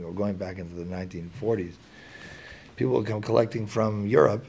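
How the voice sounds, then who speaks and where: A man speaking to an audience, telling a story in a halting way with many fillers and restarts. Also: medium pitch, creaky, a little mellow.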